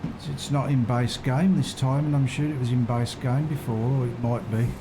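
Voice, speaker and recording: A man's voice: mid-range voice, steady tone, normal speed. Man musing through a farming stream. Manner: musing, unsure, chats with viewers. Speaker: game streamer. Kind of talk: casual live-stream commentary. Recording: constant background noise.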